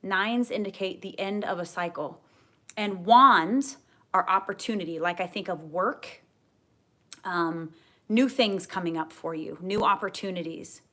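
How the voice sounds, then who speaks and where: A woman giving a tarot card reading to camera, gentle and earnest, often repeating her key phrases. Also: fairly low pitch, a little slow. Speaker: tarot reader.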